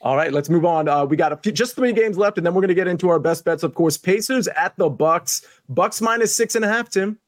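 A man hosting a sports betting panel, moving briskly from one guest to the next. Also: high-pitched, no echo, clean studio sound. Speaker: show host.

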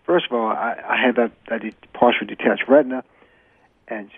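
A man's voice: medium pitch, fairly even intonation, normal speed, slightly rough, dry recording. A retired boxer, a man, telling stories as a guest in an earnest way and repeating phrases for emphasis. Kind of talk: interview storytelling. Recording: dry tinny phone line.

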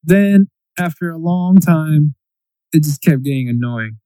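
A man in casual chat, ranting in an animated, profane way and mimicking quotes in a raised voice. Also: fairly high pitch, measured pace, clear, resonant tone, no echo, low-quality recording.

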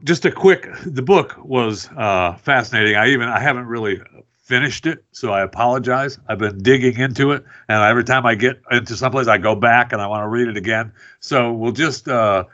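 A man's voice: mid-range voice, brisk, sharp tone, lo-fi sound. A man hosting a radio talk show, interviewing an author in a loose, rambling way with many fillers and restarts. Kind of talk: casual interview chat.

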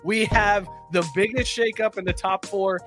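Podcast host, male, relaxed delivery, reads rankings with "uh"s. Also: high voice, moderate pace, music in the background. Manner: laid-back, reads lists with fillers. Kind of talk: reading sports rankings.

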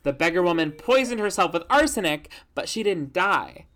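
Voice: mid-range voice, sing-song, moderate pace, fairly bright tone. A podcast host giving a comic, rambling plot recap with dramatic "guess what" beats.

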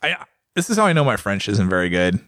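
A man's voice: on the low side, big pitch swings, fast talker, a bit bright, dry recording, clean studio sound. Joking American man on a podcast. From United States. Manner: joking, rambling storyteller. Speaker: podcast co-host. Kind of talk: casual chat.

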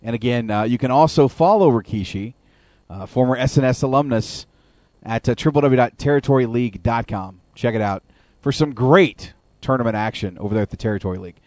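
A man's voice: medium pitch, brisk, darkish tone, dry recording. A man hosting a wrestling radio show in a casual, upbeat way with frequent filler words. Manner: upbeat, filler-heavy patter.

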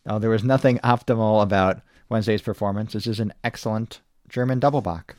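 Host, American male, lowish voice, dry wry delivery, dead-dry room. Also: a little fast, a little mellow, dry recording. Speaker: podcast host. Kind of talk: casual podcast chat.

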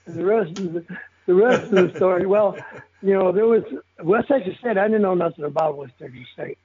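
A man's voice: sits high, a little fast, warm tone. An older man telling stories in a blunt, profane way, chuckling often as he talks. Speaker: guest telling stories of his football days. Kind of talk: casual storytelling interview. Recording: tinny phone line.

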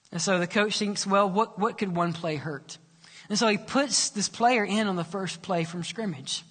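A male pastor preaching and telling a story, dramatic, dropping soft and low for quoted lines. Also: moderate pace. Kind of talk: sermon storytelling. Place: church sanctuary. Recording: long church reverb.

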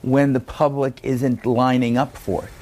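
A man's voice: medium pitch, little pitch movement, a little slow, a little mellow, slight background noise. American male critic-host, mid voice, chatty prompting style. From United States. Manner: conversational, prompting with short questions and agreement. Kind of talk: podcast interview.

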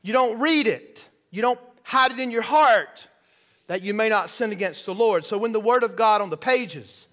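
A man's voice: high-pitched, a bit bright. A man preaching a sermon in a church, folksy and checking that the congregation follows along. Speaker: pastor. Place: church sanctuary.

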